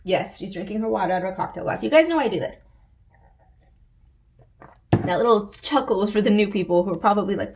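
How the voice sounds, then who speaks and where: A woman's voice: mid-range voice, a little fast, darkish tone, slight background noise. A young woman chatting playfully and theatrically to her viewers while she colors. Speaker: coloring channel host. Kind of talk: casual chatty coloring vlog.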